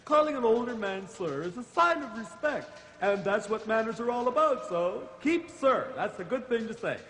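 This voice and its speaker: A man's voice: extremely high pitch, expressive, moderate pace, fairly bright tone, echoey room, long reverb tail. Griselda, a cackling vain witch. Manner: cackling, flirty, self-admiring.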